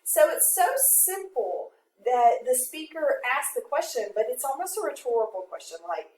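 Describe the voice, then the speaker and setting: A woman's voice: high-pitched, sing-song, moderate pace, hardly any pauses, a little mellow. A woman teaching a poetry lesson, explaining step by step and reading verse aloud in a classroom. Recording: echoey room from a distance, faint noise.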